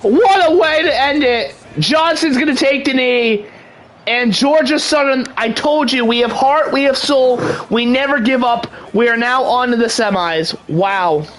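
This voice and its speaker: A young man giving excited play-by-play commentary over a video game in a hyped, mock sports-announcer manner. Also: very high voice, a little slow, slight background noise, low-quality recording. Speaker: gaming channel host.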